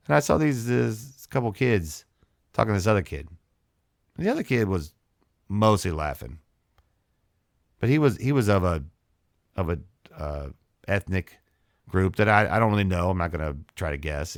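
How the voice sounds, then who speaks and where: Man, podcast host, very deep voice, dry close sound, heated solo rant, repeats himself, swears. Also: dry recording. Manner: impassioned, repetitive, swearing rant.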